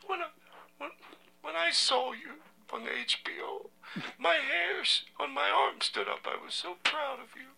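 A man's voice: very high voice, expressive, unhurried, gravelly, bright, forceful tone, voice pushed up, exaggerated voice, rough recording. A man voicing a sweet but bigoted older woman teacher who gushes over a former student, in an improvised comedy bit. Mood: gushing. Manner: gushing, syrupy.

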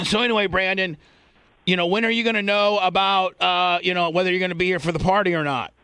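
A man's voice: sits high, fairly even intonation, brisk, creaky, sharp tone, clean tone, dry recording. A man hosting a radio show, telling long crude stories in casual studio banter. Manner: profane, rambling storyteller. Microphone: studio microphone.

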